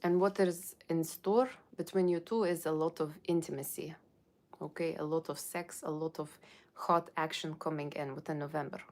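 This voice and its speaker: A woman playing a blunt fortune-teller, put-on Russian accent, sassy, teasing, low voice. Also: fairly even intonation, moderate pace, a little mellow. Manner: teasing, blunt asides to viewers. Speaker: tarot reader. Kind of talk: Halloween tarot reading in character.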